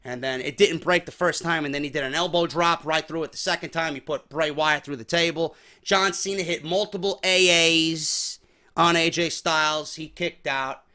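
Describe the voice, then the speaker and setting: A man giving a casual, profanity-laden wrestling recap from home, animated and opinionated. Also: sits high. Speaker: wrestling review vlogger. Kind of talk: casual show recap rant.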